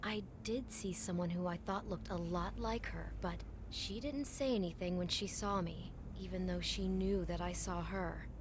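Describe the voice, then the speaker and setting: A woman's voice: fairly low pitch, normal speed, few pauses, natural voice. An actress playing a nervous, secretive young woman working a hotel front desk in a video game, talking hesitantly and defensively. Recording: game audio over ambient noise.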